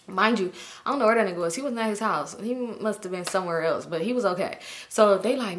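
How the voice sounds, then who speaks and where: A woman casually telling a dramatic story from her own life, acting out what everyone said and swearing freely. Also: fast talker. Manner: animated, acts out quotes in high voices, swears freely. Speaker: storytime vlogger.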